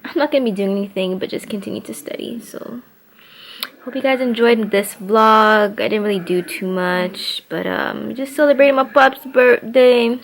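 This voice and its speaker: Young woman, vlogger, high voice, dramatic storyteller, roomy echo. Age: young adult. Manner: dramatic, fast storytelling with laughs. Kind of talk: casual vlog chat.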